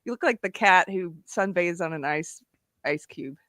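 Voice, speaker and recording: A woman's voice: on the low side, lively intonation, moderate pace, a bit bright, no room sound, clean studio sound. A woman from Texas hosting a live online panel, talking casually with many restarts and laughs. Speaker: host.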